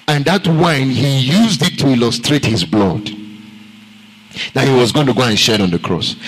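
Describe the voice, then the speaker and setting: A man with a Nigerian accent, a pastor preaching a sermon emphatically and checking in with the congregation with quick asides. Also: mid-range voice, slight background noise, rough recording.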